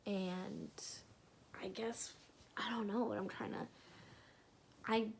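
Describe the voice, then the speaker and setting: A woman's voice: medium pitch, fairly even intonation, slight background noise. A young woman telling a personal story in a casual, rambling vlog, now and then dropping to a whisper. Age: young adult. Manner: slow, rambling, drops into whispers and laughs.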